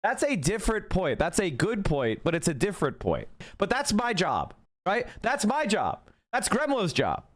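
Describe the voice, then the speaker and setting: A man's voice: sits high, wildly swooping pitch. Argumentative male streamer. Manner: argumentative, fast-shifting, repeats points. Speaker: political streamer. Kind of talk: casual livestream commentary, reacting to clips and chat.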